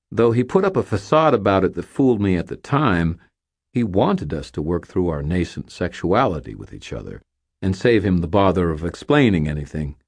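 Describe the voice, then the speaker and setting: A man narrating an audiobook in a measured, restrained, somber way. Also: extremely low pitch, darkish tone, slightly rough, no room sound.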